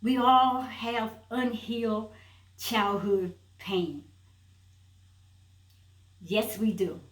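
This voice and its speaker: A woman speaks in a fairly high voice, delivering a motivational self-help message with strong emphasis and a habit of repeating her key phrases. Her voice carries the echo of a room and sits at some distance from the mic. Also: fairly even intonation, very slow.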